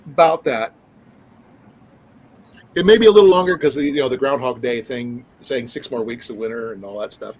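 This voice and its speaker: A man's voice: mid-range voice, normal speed, pauses often, darkish tone, rough recording. A man hosting a casual live stream, chatting in a rambling way with many fillers and restarts. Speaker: livestream host.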